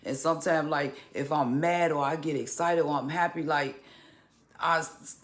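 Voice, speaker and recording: A man talking casually to camera in a vlog, halting and restarting, with occasional stutters. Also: on the high side, fairly even intonation. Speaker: vlogger.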